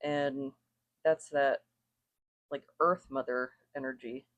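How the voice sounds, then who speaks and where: Casual rune reader, middle-pitched voice, loose and rambling, dry close sound. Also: steady tone, slow, fairly bright tone, no room sound, highs cut off. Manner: meandering, thinks aloud, self-correcting, chuckles often. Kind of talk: casual spoken reading to viewers.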